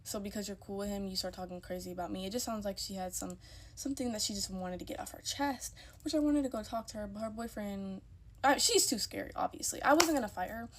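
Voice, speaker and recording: A woman's voice: mid-range voice, fast talker, slight background noise. A young woman telling a story in a casual, emphatic way, repeating herself when worked up.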